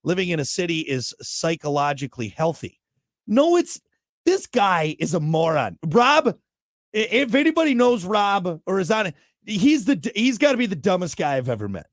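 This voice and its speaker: Talk host, slightly high voice, blunt and ranty, dry close sound. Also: male voice, very animated, normal speed, dry recording. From United States. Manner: blunt, worked-up ranting with jokey asides. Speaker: show host. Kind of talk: talk show monologue.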